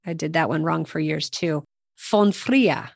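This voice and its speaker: A woman's voice: low-pitched, expressive, measured pace, creaky, breathy edge, no room sound, clean studio sound. Upbeat woman hosting a language lesson. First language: English. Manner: upbeat, self-deprecating, prompts each word. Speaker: podcast host.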